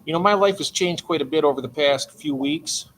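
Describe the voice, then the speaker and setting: A man's voice: fairly high pitch, brisk, slight background noise. An older man hosting a late-night livestream from his aquarium room, chatting and greeting viewers by name. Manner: chatty, greets chat members warmly by name. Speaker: livestream host.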